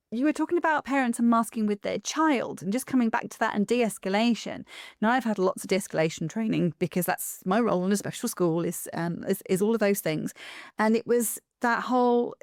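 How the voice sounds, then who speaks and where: A woman hosting a podcast, talking in an emphatic, animated way with quick asides. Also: fairly high pitch, dry recording, studio quality. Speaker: podcast host. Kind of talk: conversational podcast interview.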